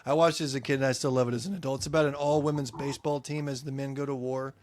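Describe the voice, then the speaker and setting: A man's voice: mid-range voice, steady tone, very fast, no room sound. A man co-hosting a podcast, chatting casually and telling long stories with frequent laughs. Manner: storytelling, laughs often. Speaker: podcast co-host. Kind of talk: casual chat.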